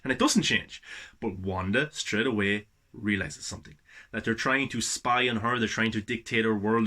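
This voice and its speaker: Bright-voiced man reviewing a show. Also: medium pitch. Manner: animated, rhetorical questions, quick asides. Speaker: YouTube movie reviewer. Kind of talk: casual vlog review.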